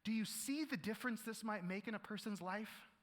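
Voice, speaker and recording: A man preaching a sermon to a congregation, animated, often repeating words and acting out quotes. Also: high voice, fairly quick. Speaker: pastor. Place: church hall. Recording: live hall reverb.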